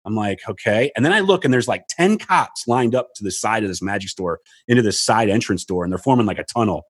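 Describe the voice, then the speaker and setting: A man tells a story in a relaxed chat, his slightly husky voice swinging wildly in pitch as he plays every person in it. He swears freely and keeps the listener hooked. The sound is dry, with no room around it. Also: brisk, no room sound. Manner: animated, acts out quotes with big pitch jumps, swears freely. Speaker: storyteller guest. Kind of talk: casual chat, animated anecdote.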